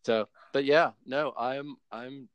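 An American man chatting as a podcast guest, animated and laughing often, with lots of fillers and restarts. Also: medium pitch, slow, smooth, dry recording. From United States. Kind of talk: casual chat.

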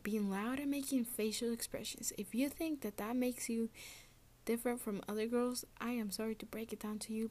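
A woman's voice: fairly high pitch, a little mellow. Young woman ranting, often whispering. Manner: often drops to a whisper, lots of "like". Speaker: podcast host. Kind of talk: casual solo rant.

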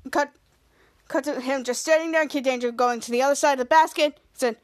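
Woman podcast host with a high voice, casual and halting as she narrates scene by scene. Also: fairly even intonation. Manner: halting, repeats words and restarts while narrating scenes. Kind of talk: casual episode recap.

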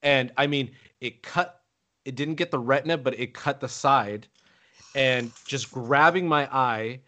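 Animated man telling stories. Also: mid-range voice, unhurried. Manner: animated storyteller, acts out quotes. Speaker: podcast host. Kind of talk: casual chat.

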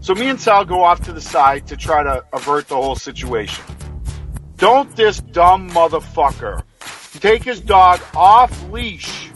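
A man's voice: high-pitched, animated, a little slow, fairly bright tone, faint music behind. A man telling a heated, profane story in casual podcast chat. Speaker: podcast co-host.

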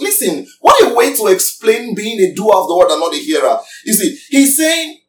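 A man's voice: sits high, big pitch swings, moderate pace, hardly any pauses, distant mic. A man preaching a sermon emphatically, asking his congregation questions as he teaches. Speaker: pastor. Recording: echoey room, voice from off mic.

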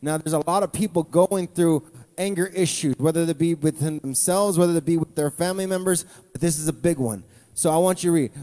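A man's voice: a little high, fairly quick, warm tone. A male pastor preaching a conversational sermon with asides to the congregation. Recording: long reverb from a church hall.

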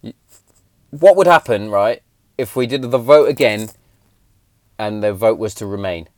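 A man's voice: lowish voice, lively intonation, measured pace, a little mellow, no echo, studio quality. A man, hosting a casual podcast in a blunt, sweary, heated way. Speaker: podcast host.

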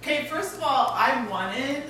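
A woman's voice: high-pitched, animated, a little slow, pushed and bright, distant mic. A woman co-hosting a casual podcast, chiming in with encouragement and jokes. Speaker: podcast co-host. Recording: echoey room with crowd noise.

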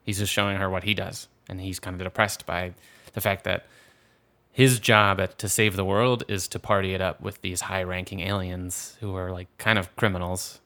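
A man co-hosting a casual movie podcast, animated and acting out quotes as he talks. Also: deep voice, moderate pace. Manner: animated, acts out quoted voices. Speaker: podcast co-host.

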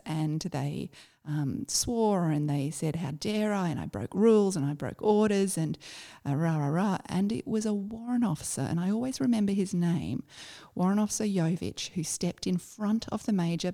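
A middle-aged Australian woman, a former army officer, telling a personal story in a reflective, halting way with many fillers. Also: on the low side, gravelly, mellow.

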